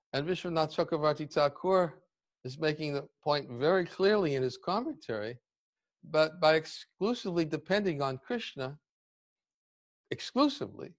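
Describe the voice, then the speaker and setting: Man giving a deliberate scripture class. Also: on the high side. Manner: deliberate, searching for words, reading commentary aloud. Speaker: spiritual teacher giving a class.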